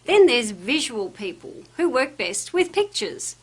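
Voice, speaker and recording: A woman narrates a workplace training course in a scripted, instructional way. Her voice sits fairly high and moves a lot in pitch, and she gives emphatic weight to the phrases she quotes. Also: a little slow, husky. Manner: lively, emphatic delivery when quoting phrases.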